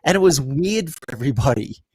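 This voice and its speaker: A coach guesting on a conversational interview is reflective and story-driven, slipping into quoted exchanges to explain his ideas. His ordinary mid-pitched voice is expressive, brisk, a little mellow and slightly rough. The recording is close and dry, with no room sound.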